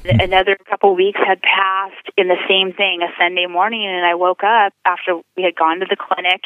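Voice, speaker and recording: A woman calls in by telephone as a guest to earnestly share her life story as a testimony, telling it vividly with acted-out quotes. Her voice is lowish with little pitch movement, at normal speed. The phone line sounds tinny and dry, with no room sound.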